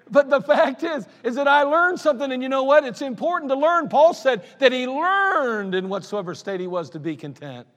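A male pastor preaching a folksy sermon, telling stories and swinging from loud to quiet. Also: extremely high pitch, animated, moderate pace. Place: church sanctuary. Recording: long hall reverb in a church.

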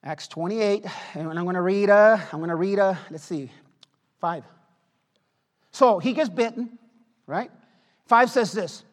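A man preaching a fervent sermon in a strikingly high voice for a man. He repeats his lines for weight and swings between quiet, sober stretches and loud, pleading ones. His words ring out with a long reverb from a big hall. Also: animated, normal speed, pauses often. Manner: impassioned, repetitive, swings from hushed to loud.

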